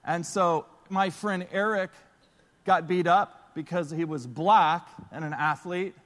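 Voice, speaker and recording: A man preaching a sermon as pastor, telling stories in an animated, lively way. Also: sits high, slow. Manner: storytelling, animated, excitable bursts. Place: church auditorium. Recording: long reverb of a large hall.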